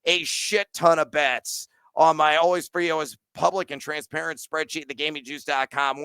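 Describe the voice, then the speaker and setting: An energetic man hosting a sports betting podcast, piling stats on stats at a quick clip and a little out of breath. His voice is bright and crisp, slightly higher than most men's, and sits in a dry, close room. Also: no room sound. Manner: fast, energetic, stat-heavy. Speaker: podcast host.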